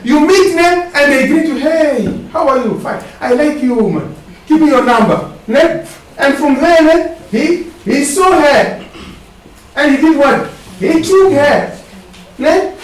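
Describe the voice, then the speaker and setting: Male preacher, very high voice, call-and-response sermon, questioning tags on his lines; far from the mic in a very echoey hall. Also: a bit bright. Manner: asks the congregation to finish his sentences. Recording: echoey hall, distant mic, faint hiss.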